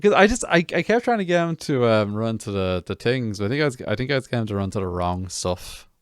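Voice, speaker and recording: A man's voice: fairly low pitch, sing-song, quick pace, clean tone, dry recording, studio quality. A man streaming a game, chatting casually with viewers in a rambling, self-mocking way full of restarts.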